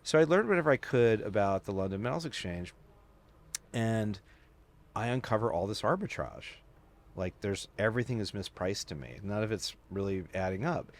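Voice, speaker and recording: Fairly low in pitch and moderate in pace, a man speaks as a guest on a podcast. He tells long stories casually and animatedly, filling them with "like" and quoting voices along the way.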